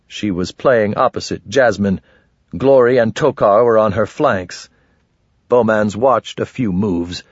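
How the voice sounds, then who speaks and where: Low husky male narrator. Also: no echo. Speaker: audiobook narrator. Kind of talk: scripted fantasy narration. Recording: dry, dull close-mic audio.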